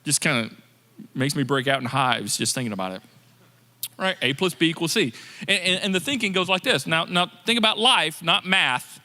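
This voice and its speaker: Animated high-voiced preacher, bright hall. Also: male voice, moderate pace. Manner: animated, conversational preaching with quoted inner voices. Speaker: pastor. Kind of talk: sermon. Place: church sanctuary.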